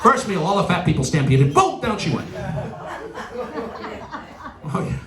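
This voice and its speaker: A man's voice: on the high side, very animated, unhurried. A middle-aged man from New York with a New York accent, doing a stand-up comedy routine with exasperated rants and punchlines. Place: stage in a large venue with a live audience. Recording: roomy live hall from a distance, audience noise. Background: audience laughter and applause.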